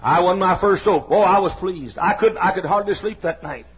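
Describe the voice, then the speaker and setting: Middle-aged male preacher, high husky voice, folksy and emphatic, sermon in a church. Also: moderate pace, dull audio. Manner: folksy storytelling with sudden shouts. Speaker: pastor. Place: church sanctuary.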